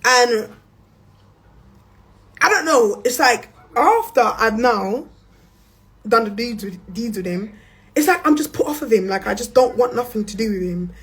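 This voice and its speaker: Blunt slangy London woman with a higher voice. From England. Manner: blunt and profane, slangy, animated with bursts of laughter. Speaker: influencer on a livestream. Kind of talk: storytime on a livestream.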